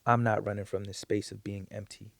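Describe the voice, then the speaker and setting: A man's voice: fairly low pitch, level tone, a little fast, gravelly, no room sound. A man talking as a guest on a podcast in a casual, heartfelt conversation, earnest and reflective, often repeating words as he gathers his thoughts.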